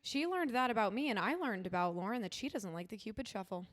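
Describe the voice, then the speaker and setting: A woman's voice: medium pitch, fast. A woman co-hosting a casual podcast, talking emphatically and getting worked up about her stories. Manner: excitable and emphatic, gets worked up. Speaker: podcast co-host. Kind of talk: casual chat.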